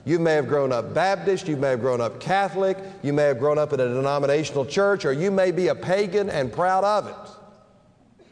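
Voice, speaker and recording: A man preaching a sermon with dramatic delivery, stretching key phrases slowly for emphasis. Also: on the high side, lively intonation, a little mellow. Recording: long reverb of a large hall.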